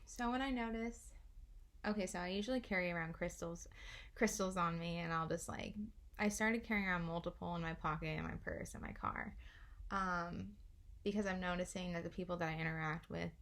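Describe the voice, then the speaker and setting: A young woman giving a gentle, meandering spiritual card reading, laughing softly now and then. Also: lowish voice, brisk. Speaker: oracle card reader.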